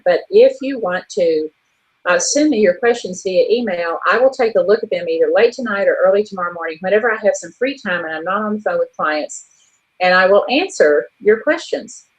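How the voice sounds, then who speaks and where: A woman's voice: lowish voice, poor audio. A woman co-hosting an online business show, frankly telling a story about a difficult contact in a chatty, exasperated way. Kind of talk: casual monologue telling a story.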